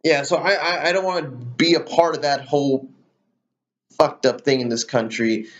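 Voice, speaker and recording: A man's voice: on the high side, fairly even intonation, normal speed. A man hosting his own political commentary channel, ranting heatedly with plenty of swearing and fillers. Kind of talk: solo rant to camera.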